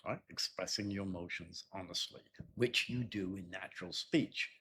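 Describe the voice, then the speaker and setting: A man teaching an exam-prep lesson in a loose, conversational way, often clearing his throat and repeating words. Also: low-pitched, moderate pace, fairly bright tone, slight background noise. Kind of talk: explanatory spoken lesson.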